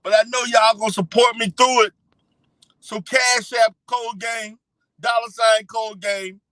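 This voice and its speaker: A man's voice: extremely high pitch, fairly even intonation, measured pace, bright, forceful tone, dry recording, full character voice, rough recording. A man putting on a whiny, self-pitying pastor who begs for money and swears, in a mock-tearful parody. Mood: pleading. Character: whiny self-pitying middle-aged male pastor begging. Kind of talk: parody impression.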